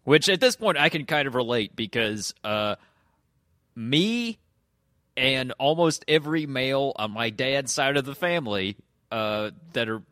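Bright-voiced man casually recapping. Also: medium pitch, expressive, measured pace, no room sound, clean studio sound. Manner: loose, rambling recap, often slips into quoting characters. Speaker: podcast host recapping a TV episode. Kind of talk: casual chat.

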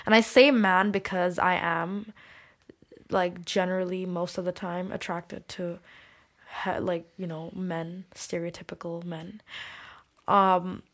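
A woman's voice: lowish voice, flat delivery, takes it slowly, a bit bright. A young adult woman, a musician guest on a podcast, talking candidly and emotionally, swearing freely and filling her speech with "like".

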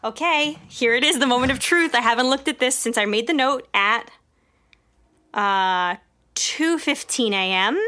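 Bright-voiced young woman riffing comedy. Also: fairly high pitch, measured pace. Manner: playful, laughing, riffing. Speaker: podcast co-host. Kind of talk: improv comedy chat.

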